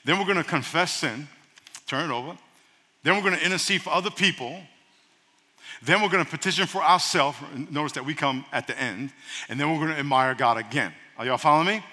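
A male pastor delivers an energetic, humorous sermon and keeps drawing responses from his congregation. His voice sits high for a man and sounds bright and forceful. It rings out through the long reverb of a church hall. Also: fairly quick.

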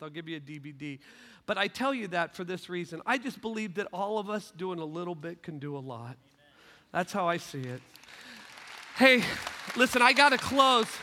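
Emphatic preacher in a big echoing hall. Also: male voice, high voice. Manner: emphatic, shifts from hushed to shouting. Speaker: pastor. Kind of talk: sermon. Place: big sanctuary, live audience. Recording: long reverb of a large hall.

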